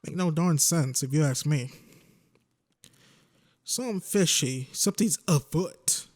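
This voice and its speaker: A man's voice: fairly high pitch, unhurried, darkish tone. Rambling young man commentating a game. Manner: rambling, joking, talks to himself. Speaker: gaming YouTuber.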